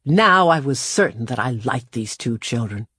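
A woman narrating a storybook in the first person, in a measured, unhurried way. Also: extremely low pitch, breathy edge, no echo, clean studio sound. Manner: measured, unhurried storytelling with lively shifts for dialogue. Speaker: audiobook narrator.

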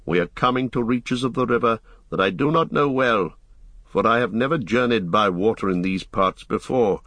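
A man voicing a grave, steady ranger leader. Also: fairly low pitch, no room sound. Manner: calm, measured instruction.

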